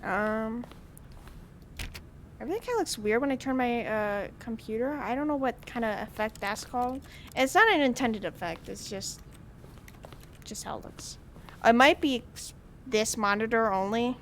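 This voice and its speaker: High-voiced woman streaming a game. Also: normal speed, long pauses, a bit bright, a little hiss or hum. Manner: chatty, playful, giggly. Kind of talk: casual gameplay commentary.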